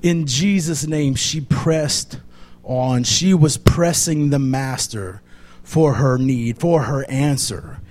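A man preaching a sermon, emphatic and full of repeated rhetorical questions. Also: fairly high pitch.

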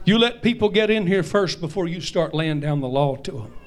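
A man, preaching a Pentecostal-style sermon as pastor, repeating lines and rising to shouts. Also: high-pitched, lively intonation, a little fast.

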